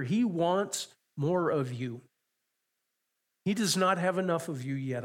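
Earnest male preacher, slightly high voice. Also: expressive. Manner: earnest, repeats phrases, stretches key words slowly. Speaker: pastor. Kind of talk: sermon.

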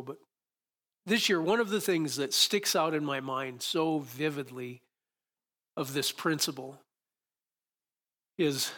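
A middle-aged man preaching a sermon as pastor, telling a personal story with sudden loud emphatic peaks. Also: medium pitch.

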